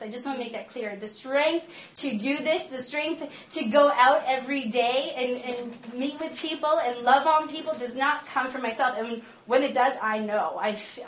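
Sex: woman. Pitch: fairly high. Style: sermon with storytelling. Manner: chatty, laughs often. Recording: roomy echo, faint ambience. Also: a little hiss or hum. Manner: lively, chatty, laughs often while telling stories; slows down and softens for earnest teaching. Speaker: speaker giving a talk to a small gathering. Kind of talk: sermon mixed with personal storytelling.

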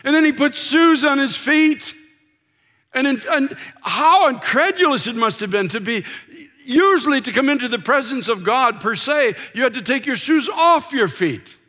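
A middle-aged male pastor preaching a passionate sermon from the pulpit, repeating words as he builds and dropping to soft, intimate tones. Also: extremely high pitch, lively intonation, moderate pace. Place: church sanctuary, from a pulpit. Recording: long reverb of a large church hall.

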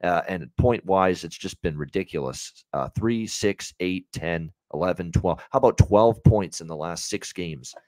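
Casting note: low-pitched male co-host, dry close sound, chatty sports-betting analysis full of "uh"s. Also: unhurried, few pauses, a little mellow, no echo. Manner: chatty, many "uh" fillers, rattles off stats.

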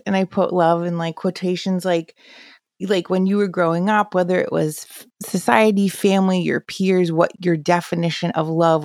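A woman's voice: lowish voice, gravelly, no room sound, studio quality. A woman hosting a podcast interview, affirming her guest often and asking open questions. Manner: affirming, frequent soft agreement. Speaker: podcast host. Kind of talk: casual interview.

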